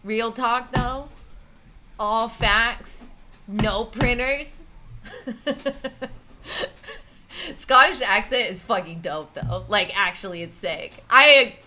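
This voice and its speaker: A woman's voice: mid-range voice, slow, pauses often, bright, forceful tone, a little hiss or hum. A young woman livestreaming casual chat with her viewers, playful and laughing often.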